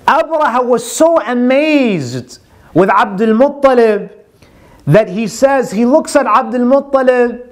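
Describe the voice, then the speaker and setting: High-voiced man telling a story. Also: expressive, unhurried. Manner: retells a story, quoting Arabic and translating it. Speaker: religious speaker. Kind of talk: storytelling lecture.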